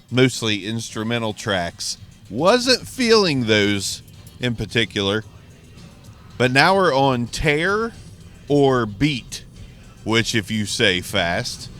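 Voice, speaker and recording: A man's voice: medium pitch, sing-song, slow, sharp tone, soft background music. A man talking casually and rambling about albums, swearing freely while driving. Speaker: music reaction vlogger. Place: inside a car.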